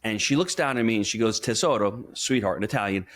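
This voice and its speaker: Speaking fast in a fairly low voice, a man appears as a money coach in a conversational podcast interview. He's an animated storyteller who gives advice in an emphatic, coaching style.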